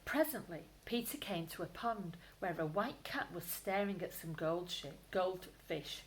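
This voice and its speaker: A woman, a primary school teacher, reading a bedtime story aloud to children, expressive, with whispered asides. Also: lowish voice, unhurried, slight background noise, low-quality recording.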